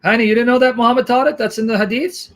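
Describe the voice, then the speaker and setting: A man's voice: very high-pitched, racing, fairly bright tone. A man hosting a live stream, reading translated interview lines aloud and reacting with indignant, outraged commentary. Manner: reads translated lines aloud between angry remarks. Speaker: host. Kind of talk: reading subtitles and commenting on a clip.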